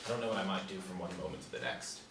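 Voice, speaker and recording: A man's voice: low voice, very animated, racing, heavy background noise. A man playing a wry posh Briton, roomy and distant. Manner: dry, teasing, formal phrasing. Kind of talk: script reading.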